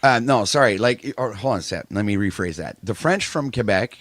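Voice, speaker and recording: A man's voice: fairly low pitch, lively intonation, brisk, a bit bright, no echo. A man from Canada chatting casually on an online panel call, laid-back and matter-of-fact. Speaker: panel guest. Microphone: video call.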